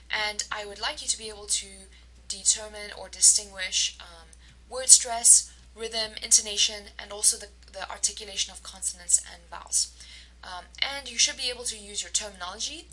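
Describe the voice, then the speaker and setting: A woman's voice: mid-range voice, bright, forceful tone, a little hiss or hum, rough recording. A woman instructor giving a recorded lecture, explaining step by step with frequent fillers and self-corrections. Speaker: university instructor.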